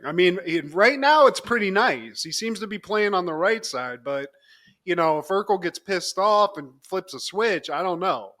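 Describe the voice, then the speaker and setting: A man co-hosting a podcast, casually recapping a TV episode, animated and acting out the characters' lines with frequent laughs. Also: a little high. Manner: animated storyteller, acts out lines, laughs often. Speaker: podcast co-host.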